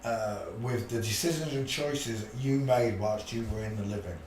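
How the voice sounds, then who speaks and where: A man's voice: on the low side, moderate pace, a little mellow. A man hosting a rambling live stream, muttering to himself and chuckling in a blunt, offhand way. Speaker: channel host. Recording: echoey room, mic at a distance, faint hiss.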